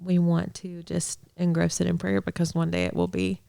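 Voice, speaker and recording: A young adult woman sharing a heartfelt faith testimony as a guest in a conversation, earnest, with soft laughs and restarts. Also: fairly low pitch, completely flat delivery, normal speed, creaky, no room sound. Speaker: podcast guest, ministry director.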